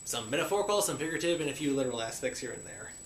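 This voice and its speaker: A man recapping a cartoon episode in a playful pirate persona, saying "be" for "is" and slipping into quick voices for the characters. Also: medium pitch, animated. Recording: echoey room with faint hiss.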